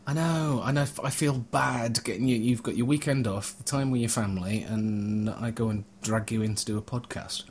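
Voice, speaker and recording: A man's voice: medium pitch, moderate pace, hardly any pauses, darkish tone, a little hiss or hum. A man hosting a casual podcast, bantering and teasing his co-host. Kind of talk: casual chat.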